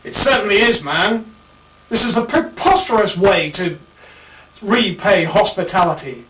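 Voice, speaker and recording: An actor voices a stiff, proper doctor who scolds in formal, clipped phrases. His voice sits high and moves about animatedly, heard from a distance in a roomy space on a worn videotape. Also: expressive, measured pace, fairly bright tone. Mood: stern. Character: stern, proper family doctor. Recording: roomy, distant old VHS audio.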